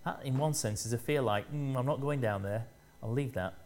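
A male preacher delivers a sermon at a medium pitch. He speaks in short, measured phrases. He leans harder on the lines he wants to land. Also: a little mellow.

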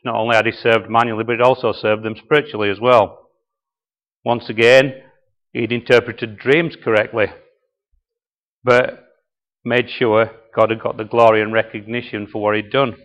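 A man's voice: on the low side, little pitch movement, moderate pace, fairly bright tone. Man preaching a sermon. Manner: conversational, asks the congregation questions.

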